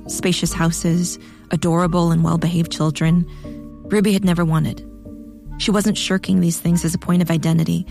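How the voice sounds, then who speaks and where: A woman narrating a story in a calm, even reading voice. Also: lowish voice. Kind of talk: audiobook narration.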